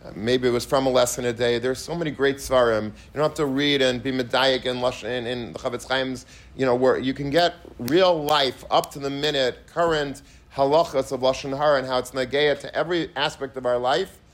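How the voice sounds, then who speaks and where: A man's voice: mid-range voice, fairly even intonation, brisk, hardly any pauses. A man, a rabbi, giving an emphatic sermon. He repeats himself, restarts his phrases, and mixes in many Hebrew and Yiddish terms. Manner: emphatic, repetitive, with frequent restarts.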